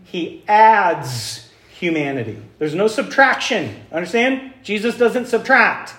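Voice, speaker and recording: A high-pitched man preaches a sermon, drawing his congregation in with questions. His voice rings through an echoey church sanctuary. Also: animated, slow, a bit bright. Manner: engaging, asks the congregation questions. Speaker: pastor. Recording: echoey room.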